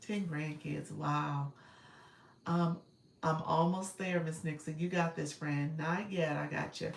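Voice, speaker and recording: A woman with a lowish, gravelly voice chats through a live stream, calling out viewers by name between easy fillers. She sits a little back from a phone mic, so the sound is roomy with a faint hiss behind it. Her talk is loose and friendly, full of "friend" and "y'all.". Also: fairly even intonation, slow. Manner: chatty, warm greetings to viewers by name, frequent laughs and fillers. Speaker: live stream coach and host. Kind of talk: casual live stream chat reading viewer comments. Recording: roomy, distant phone audio with faint noise.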